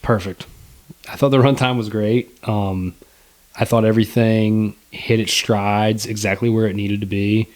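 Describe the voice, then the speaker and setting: A man's voice: on the low side, steady tone, unhurried, a little mellow. A young man co-hosting a casual movie review podcast, laid-back and rambling, with lots of fillers and swearing. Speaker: podcast co-host.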